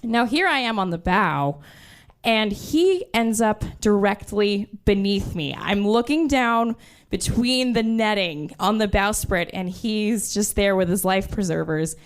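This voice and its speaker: Young woman telling a lively story. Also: mid-range voice, unhurried. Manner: animated, laughing as she tells it. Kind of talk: live storytelling.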